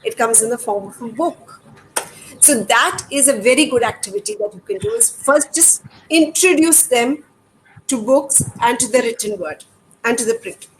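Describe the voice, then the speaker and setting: A woman's voice: on the high side, lively intonation, moderate pace, low-quality recording. A middle-aged woman with an Indian English accent, explaining reading activities to parents in a patient, demonstrative way and asking rhetorical questions. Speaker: educator. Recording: faint background noise.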